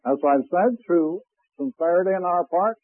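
A man teaching a class on preaching, talking slowly and deliberately and demonstrating breathing as he explains. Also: high-pitched, no room sound. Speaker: preaching instructor. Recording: tinny, phone-like old recording.

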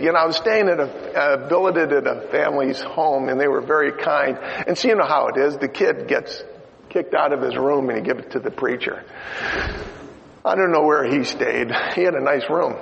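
A middle-aged man preaching a sermon, telling stories and swinging from loud exhortation to quiet asides. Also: on the high side, vocal fry. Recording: dull lo-fi sound in a reverberant hall.

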